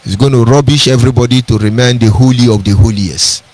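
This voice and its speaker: A man's voice: mid-range voice, quick pace, darkish tone. A man with a Nigerian accent giving an impassioned, preacherly radio address and repeating his key phrases. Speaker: radio broadcaster.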